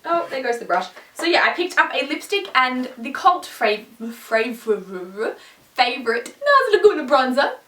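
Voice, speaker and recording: A woman's voice: high-pitched, sing-song, measured pace, sharp tone, distant mic. A young woman chatting casually as a beauty vlogger, rambling and poking fun at herself. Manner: chatty, rambling, self-mocking. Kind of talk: casual chat. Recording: echoey room, mic set back.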